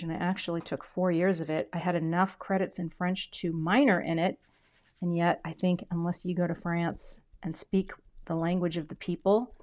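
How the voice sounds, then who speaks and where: A middle-aged woman talks through a crafting demo in a casual, chatty way, poking fun at herself. She often trails off into quiet murmurs while she works. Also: fairly low pitch. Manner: chatty, self-deprecating, drops to soft murmurs while working. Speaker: craft video host.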